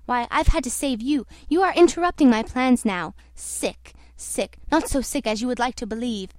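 A woman's voice: on the high side, moderate pace, dry recording, studio quality, lightly acted. A woman reading aloud, voicing a sick, furious man who rages at those around him. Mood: angry defiant. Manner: shouting, defiant. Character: ailing, furious man ivory trader.

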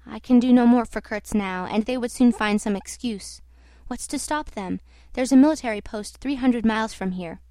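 A woman's voice: a little high, normal speed, dark tone, no room sound, studio quality, lightly acted. A woman reading aloud, voicing an earnest, anxious young sailor worried about a friend.

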